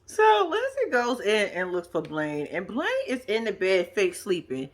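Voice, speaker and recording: A woman's voice: mid-range voice, sing-song, measured pace. A woman casually recapping a reality TV episode for her viewers, chatty and profane, calling them y'all and laughing a lot. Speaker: TV reaction vlogger.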